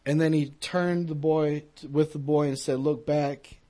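A man's voice: fairly high pitch, fairly even intonation, unhurried, mellow. A man giving an earnest personal testimony in a conversational storytelling way, speaking to a young audience.

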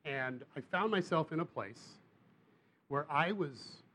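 A man preaches, his voice sitting a little higher than most. He tells his story in an animated way, pushing up into emphatic bursts. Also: slow. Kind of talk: sermon.

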